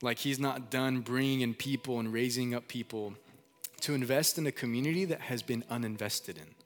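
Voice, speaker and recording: A male pastor preaches in an easygoing, conversational way, full of repeated phrases and little fillers. His voice sits at an ordinary middle pitch, and soft music plays faintly behind him. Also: moderate pace. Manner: casual, repeats phrases, lots of "like"; asks the congregation to call out answers. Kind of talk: sermon. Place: church.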